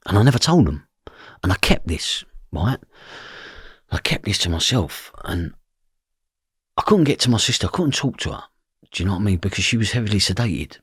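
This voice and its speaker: Husky low-voiced man. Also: expressive, fairly quick, no room sound, studio quality. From London. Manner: blunt, emotional, swears freely. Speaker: podcast guest. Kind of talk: telling a personal story.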